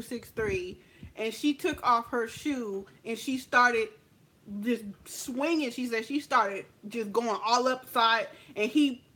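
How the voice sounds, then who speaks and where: A young woman from California telling a story in a casual, animated way, acting out what her friends said. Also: sits high. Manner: animated, acts out friends' lines. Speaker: makeup vlogger telling a story.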